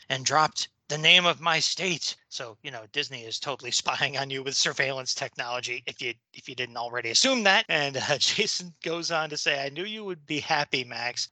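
A man's voice: mid-range voice, pushed and bright, no echo. A man co-hosting a podcast in casual chat, reading listener mail in a jokey, upbeat way and laughing often. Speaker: podcast co-host.

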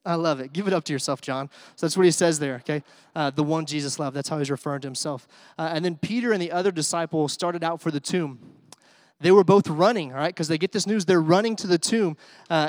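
A man preaching an Easter sermon in a conversational way, with asides and fillers, swinging from hushed to excited. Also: on the high side, no echo, studio quality. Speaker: pastor.

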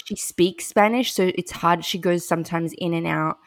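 A woman's voice: on the low side, steady tone, normal speed, no room sound, studio quality. A woman chatting casually and gossiping, her talk full of "like" fillers; her first language is Russian. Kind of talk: casual podcast chat.

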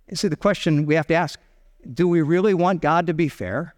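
A middle-aged pastor preaching a sermon in a slightly high-pitched male voice. He tells the story in an animated way, acting out the characters' voices. The sound carries the long reverb of a church sanctuary. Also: brisk.

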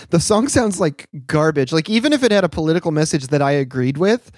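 Guy on a podcast, kinda high voice, swears a lot, snarky, dry close mic. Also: expressive, normal speed, darkish tone, no echo. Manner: profane, sarcastic, laughs often. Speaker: podcast co-host. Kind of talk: casual chat.

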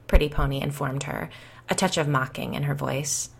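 A woman's voice: deep voice, fairly even intonation, a little fast, gravelly, breathy edge. A woman hosting a podcast and narrating a ghost story in a wry first-person voice, acting out the dialogue.

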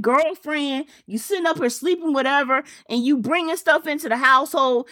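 Her fervent sermon is casual and folksy: this woman pastor repeats her points, fires rhetorical questions, and uses colloquial Southern phrasing like y'all and ain't. Her high-pitched voice is a bit bright, recorded clean in a studio with no room sound.

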